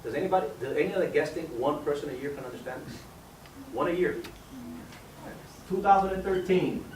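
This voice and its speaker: A man presenting a business opportunity to a room of guests, his slightly high voice pushing hard to persuade. He fires questions at the listeners and calls on them by name. The sound is roomy and echoing, picked up from a distance, with a faint hum of background noise. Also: brisk, darkish tone. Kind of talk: sales pitch to an audience.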